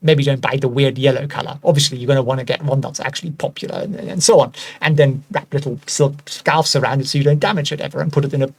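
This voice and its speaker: A man's voice: mid-range voice, steady tone, fast, creaky, few pauses. A man in his forties hosting a casual stock commentary, full of sardonic, joking asides. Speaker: host.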